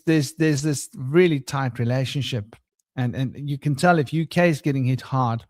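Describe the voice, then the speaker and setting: A man's voice: mid-range voice, darkish tone, no room sound, studio quality. A man hosting a casual podcast chat, rambling and repeating words, often breaking into laughter. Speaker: podcast host.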